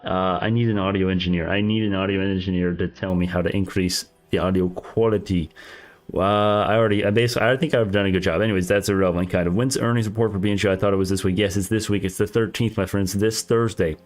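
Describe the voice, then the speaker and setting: A man's voice: low-pitched, fairly even intonation, fast talker. A young man with a groggy morning voice, chatting casually about the markets on a live stream, rambling and laughing at himself.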